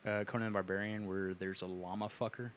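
A man's voice: lowish voice, flat delivery, fast, slight background noise. A young adult man co-hosting a podcast, telling crude jokes and laughing at them as he talks casually into a studio mic. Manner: crude, wisecracking, laughs at his own jokes. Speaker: podcast co-host. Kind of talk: casual chat.

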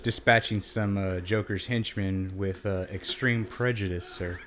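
A man with a low voice co-hosts a laid-back podcast. He answers in short, dry, deadpan lines. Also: measured pace. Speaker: podcast co-host. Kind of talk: casual chat.

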